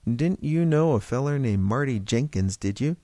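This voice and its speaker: A man's voice: medium pitch, expressive, moderate pace, dark tone, dry recording, studio quality, natural voice. A man voicing a gossipy older small-town shopkeeper with a folksy drawl.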